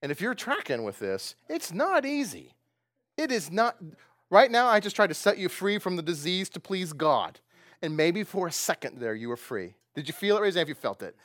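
Animated preaching man, lively pitch. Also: moderate pace, dry recording. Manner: animated and conversational, asks the audience questions; laughs often while preaching. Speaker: pastor. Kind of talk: sermon.

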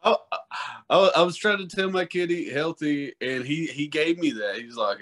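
A man in his thirties hosting a casual chat, talking in a rambling, profane, animated way. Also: a little high, moderate pace. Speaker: podcast host.

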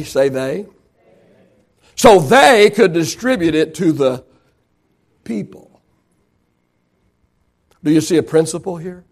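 High-voiced preacher, pastor. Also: male voice, lively intonation, slow, pauses often. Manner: preaching with rising emphasis and rhetorical questions. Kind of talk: sermon.

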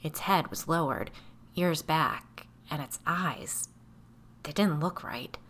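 A woman reading a first-person story aloud in a measured, tense storytelling manner. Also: deep voice, a bit bright. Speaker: audiobook narrator.

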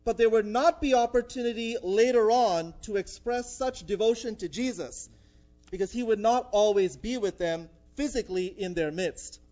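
A man's voice: high-pitched, normal speed, mellow, lo-fi sound, soft background music. A man preaching a sermon in a conversational way, with frequent "uh" fillers. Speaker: pastor.

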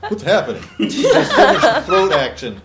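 A man's voice: high-pitched, huge pitch swings, a little slow. A man, a comedian guest on a podcast, riffing and giggling through the chat. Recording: loud background hiss.

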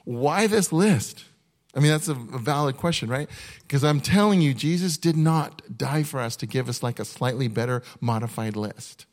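A man preaching a sermon at a mid-range pitch, earnest and conversational. He often restarts his sentences as he talks, and he slows right down to read a list one item at a time. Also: animated. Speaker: pastor.

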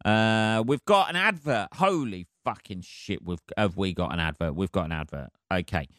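A man's voice: low voice, lively intonation, moderate pace, a bit bright, no echo, clean studio sound. Sweary man rambling on a podcast. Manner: rambling, heavy swearing, laughs at his own jokes. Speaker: podcast host. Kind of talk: casual solo podcast monologue.

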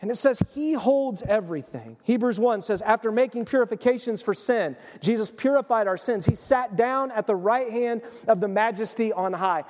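A man preaching in a church sanctuary, his voice very high for a man and carried by a long hall reverb. He tells stories with animation and slips into the voices of the people he describes. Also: moderate pace, few pauses. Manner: animated storytelling, acts out quoted voices. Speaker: pastor. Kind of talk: sermon.

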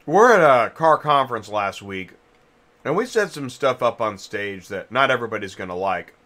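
A man's voice: fairly low pitch, lively intonation, moderate pace, pushed and bright. A man hosting a casual industry chat, rambling and thinking aloud with many restarts while chewing a cough drop. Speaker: podcast host.

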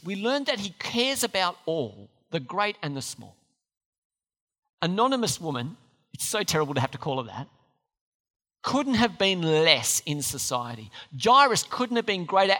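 A bright-voiced preacher delivers a sermon with animated rises and falls in pitch. The speaker keeps turning to the listeners with emphatic questions. The voice rings out with a long reverb, as in a large hall. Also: moderate pace.

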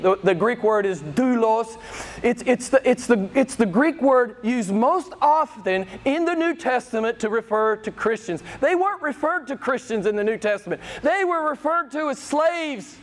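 A man's voice: extremely high pitch, expressive, normal speed. A man preaching a sermon in a church, impassioned and emphatic, repeating his phrases. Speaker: pastor.

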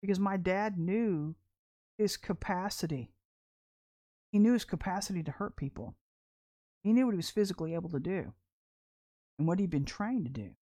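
A woman's voice: fairly low pitch, expressive, normal speed, long pauses, mellow. A woman preacher giving a prophetic sermon in a blunt, confrontational and colloquial way.

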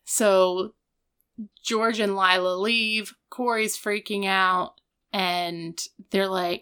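A young adult woman co-hosting a podcast, retelling an episode in a fast, casual way full of "like" and acted quotes. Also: medium pitch, fairly even intonation, fairly bright tone, clean tone. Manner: rapid, filler-heavy retelling with acted quotes. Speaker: podcast co-host.

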